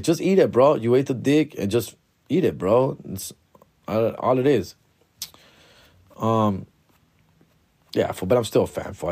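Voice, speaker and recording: A man's voice: medium pitch, a little mellow. A young man hosting a casual solo podcast. He talks loosely and profanely, full of slang, and mumbles while he searches through his notes. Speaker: podcast host.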